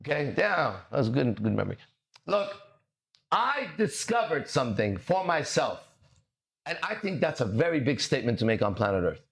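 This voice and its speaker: A man hosting a podcast as a mindset coach, delivering a swaggering, profane, preachy monologue with dramatic pauses. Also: mid-range voice, big pitch swings, gravelly.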